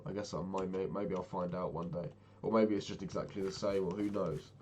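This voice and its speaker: A man's voice: low voice, level tone, brisk, a little mellow, slight background noise. Exasperated young man telling a story. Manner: exasperated, swears freely, lots of fillers. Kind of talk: casual storytelling rant.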